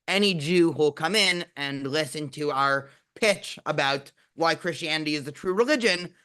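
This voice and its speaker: A man's voice: on the high side, moderate pace, sharp tone, smooth. Brief: male host, rabbi, light tenor, casual joke-telling, keeps saying "you know". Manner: chatty, peppers speech with "you know". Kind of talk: casual conversation, telling jokes.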